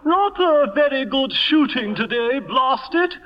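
An actor doing an impression of a hearty, dim old English lord who stammers and guffaws, with an upper-class English accent, in 1940s radio acting. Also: male voice, very high voice, lively intonation, a little slow, big-room sound, pitched above the performer's own voice. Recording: muffled vintage radio broadcast.

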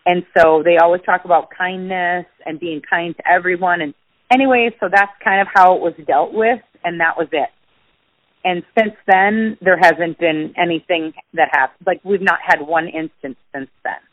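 A woman's voice: normal speed, no echo. A woman telling a personal story in conversation as a guest, vividly acting out the voices of others. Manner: animated, acts out quoted dialogue with big pitch jumps. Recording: dull lo-fi dry sound.

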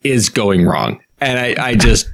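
A man's voice: medium pitch, expressive, measured pace, vocal fry. A man in his thirties co-hosting a casual podcast, venting with exasperated sarcasm and bursts of laughter. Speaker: podcast co-host. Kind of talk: casual chat.

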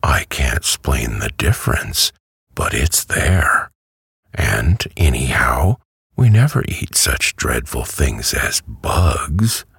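A man voicing an earnest, insistent little country girl in a storybook reading, his husky voice lifted higher. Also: animated, takes it slowly, dry recording, clean studio sound, heavily acted.

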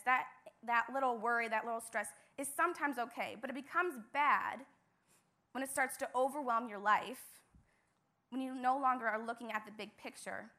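A woman's voice: on the high side, pushed and bright. A young woman, a church intern, giving an earnest devotional message with emphatic repetition.

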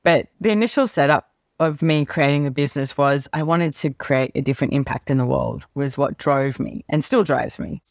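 A middle-aged woman guest on an interview show, telling stories and acting out past conversations with big jumps in pitch. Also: moderate pace, dry recording, clean studio sound. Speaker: guest, business author. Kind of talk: animated storytelling interview talk.

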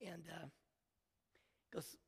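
A man preaching a sermon as a story, earnest and emotional, halting with restarts. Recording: long hall reverb.

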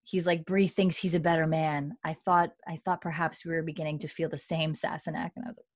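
A woman's voice: deep voice, level tone, a little fast, dry recording. A young woman co-hosting a podcast, animatedly retelling a TV episode and acting out the characters' lines, with lots of "like" fillers. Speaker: podcast co-host recapping a TV episode. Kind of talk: casual chat.

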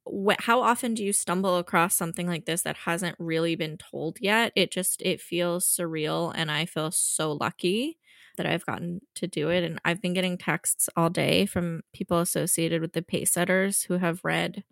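A woman author speaks with open feeling and quick restarts. Her fairly low voice has a gravelly edge, and the sound is dry and close. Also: fairly even intonation, no echo. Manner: earnest, heartfelt, fast with restarts. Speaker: author guest. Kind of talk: emotional conversational interview.

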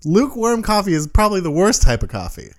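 A man's voice: high-pitched, quick pace. A young man co-hosting a podcast, talking casually with lots of swearing and acted-out quotes. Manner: animated, swears a lot, acts out quotes. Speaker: podcast co-host. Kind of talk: casual chat.

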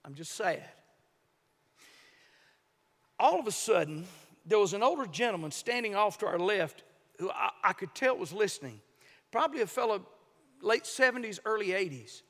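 A man preaching a sermon, telling a story with loud emphatic peaks. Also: sits high, expressive, fairly quick. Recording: long reverb of a large hall.

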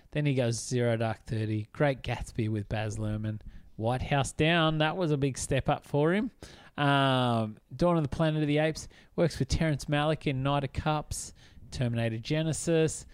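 Man, podcast co-host, middle pitch, dry close mic, eager and chatty. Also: a little mellow, smooth, no echo. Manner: chatty and enthusiastic, many fillers. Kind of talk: casual film discussion.

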